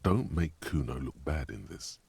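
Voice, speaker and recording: A grave inner voice narrates a detective game. His voice is extremely deep, gravelly and rough-edged. He counsels the player in a slow, solemn second person. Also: animated, darkish tone, no room sound, exaggerated voice.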